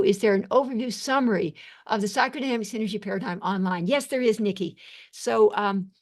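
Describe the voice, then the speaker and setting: An older woman, a psychiatrist, hosting a live webinar Q&A, reading chat comments aloud with effusive thanks and halting restarts over a video call. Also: mid-range voice.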